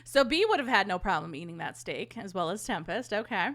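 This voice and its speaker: Expressive and brisk, this woman has a medium-pitched voice with a fairly bright tone. She's a young podcast host reading a story to her live chat in a relaxed way, breaking into laughter frequently.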